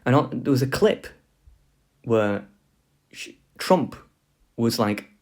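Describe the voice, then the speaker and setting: A man's voice: medium pitch, lively intonation, takes it slowly, darkish tone. A man giving a casual spoken lecture, rambling with lots of fillers and asides.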